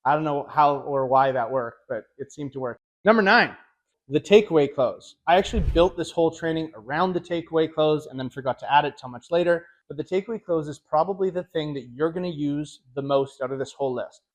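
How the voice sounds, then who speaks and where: A middle-aged man with a slightly raised pitch teaches car sales in a casual, lively way. He tells stories and acts out dealership dialogue as he goes. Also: fairly quick. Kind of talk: casual instructional talk.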